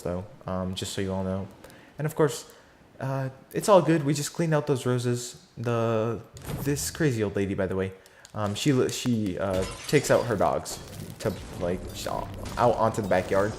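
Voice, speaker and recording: A man's voice: on the low side, normal speed, a little hiss or hum. Rambling teenage boy telling a story. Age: teenager, fourteen. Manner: rambling, many fillers and restarts, slangy. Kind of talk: casual storytime vlog.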